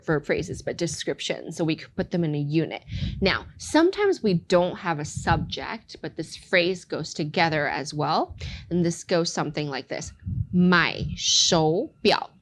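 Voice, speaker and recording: A woman teaching a casual language lesson, playful, modeling phrases slowly and clearly. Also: deep voice, animated, slight background noise.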